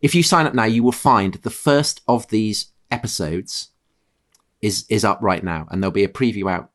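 Man co-hosting a history podcast, lowish voice. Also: normal speed. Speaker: podcast co-host.

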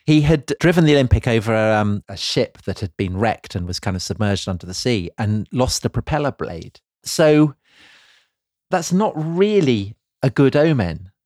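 A man's voice: medium pitch, expressive, moderate pace, a little mellow, dry recording, studio quality. Wry man telling a history story. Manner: wry, storytelling, lays out events step by step. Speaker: podcast co-host. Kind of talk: casual history podcast chat.

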